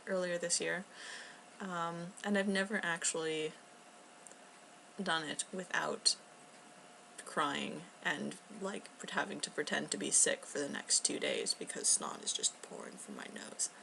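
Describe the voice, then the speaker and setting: A young woman rambles through an unscripted home vlog, keeping her voice low and sometimes close to a whisper. Her tone carries a gravelly edge, and a faint hiss sits under the recording. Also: fairly even intonation, unhurried, poor audio. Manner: rambling, chatty, filler-heavy with soft laughs; talking quietly, at times near a whisper. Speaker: vlogger. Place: home, indoors.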